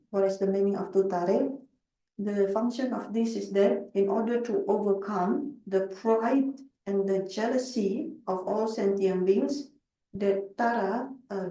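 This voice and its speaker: A woman interpreting a Buddhist teaching, halting and searching for words. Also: medium pitch, warm tone, echoey room, recorded from a distance, poor audio.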